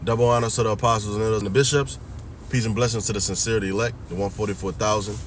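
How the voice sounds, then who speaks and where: A man's voice: lowish voice, fairly even intonation, very fast, a little hiss or hum. A man giving a ranting, preachy commentary monologue that mixes in profanity and keeps asking whether the listener hears him. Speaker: religious commentary vlogger.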